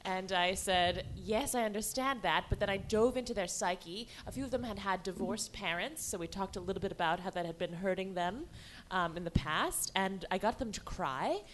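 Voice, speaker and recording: A woman's voice: mid-range voice, normal speed, a bit bright, slight background noise. A woman playing a tabletop game, telling her part in a chatty, playful way. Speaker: player. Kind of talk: improvised tabletop role-play.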